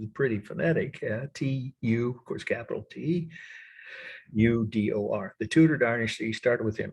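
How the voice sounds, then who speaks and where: A man's voice: lowish voice, creaky, breathy edge. An older man teaching an art history class, in a rambling, digressive way with frequent chuckles. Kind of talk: recorded college lecture.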